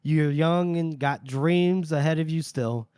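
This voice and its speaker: A man voicing a weary, regretful aging gunman as he retells a book scene in a low, slow, rueful way. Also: darkish tone, clean tone, dry recording, studio quality, lightly acted.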